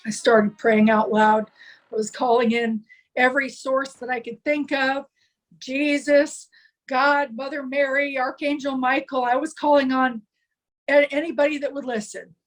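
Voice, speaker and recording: A woman's voice: sits high, fairly even intonation, moderate pace, low-quality recording. Earnest, rambling middle-aged woman storyteller. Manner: earnest, rambling with many restarts and fillers. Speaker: guest, paranormal consultant. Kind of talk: personal storytelling in an interview.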